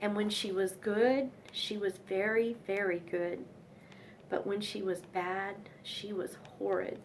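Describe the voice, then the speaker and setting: A woman's voice: mid-range voice, steady tone, slow pace, a little hiss or hum. A young woman reading nursery rhymes aloud in a sing-song manner, with chatty asides between poems.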